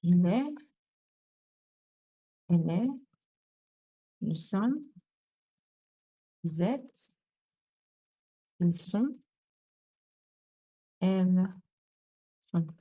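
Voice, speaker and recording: A woman's voice: fairly low pitch, animated, extremely slow, long pauses, mellow. A woman teaching a French lesson online, patiently repeating each example sentence.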